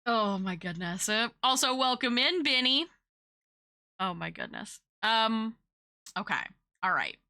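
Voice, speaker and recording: A woman's voice: mid-range voice, animated, measured pace, sharp tone. A young woman streaming, chatting casually with her viewers in a rambling, talkative way and swearing now and then.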